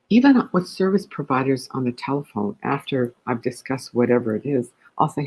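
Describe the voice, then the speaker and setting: Husky-voiced woman telling a joke. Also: sits low, brisk, rough recording. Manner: animated joke-teller. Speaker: guest. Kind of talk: interview conversation.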